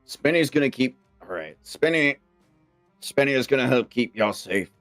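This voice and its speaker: A man's voice: medium pitch, animated, normal speed, fairly bright tone, faint music behind. A man speaking in character as a player in a tabletop game, rambling and flustered, fumbling names. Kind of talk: in-character tabletop role-play.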